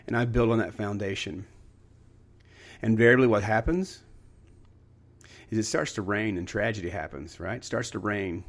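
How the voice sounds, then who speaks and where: A man's voice: fairly low pitch, normal speed, long pauses. A man hosting a podcast, talking earnestly in a casual motivational monologue and telling a story. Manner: earnest, storytelling, frequent restarts. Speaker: podcast host.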